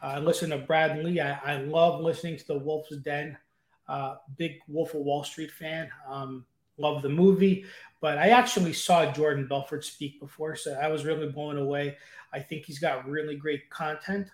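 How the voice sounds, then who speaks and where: A man guesting on a podcast chats casually in a room at home with guitars around, eager and rambling with plenty of fillers. His voice is fairly high and steady, at a normal speed, with a roomy sound.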